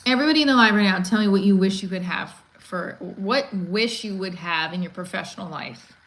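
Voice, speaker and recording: A woman's voice: mid-range voice, brisk, fairly bright tone, low-quality recording. A woman hosting a casual live stream, rambling, restarting her sentences and reading viewer comments aloud. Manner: rambling, restarts often, reads chat aloud. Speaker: livestream host.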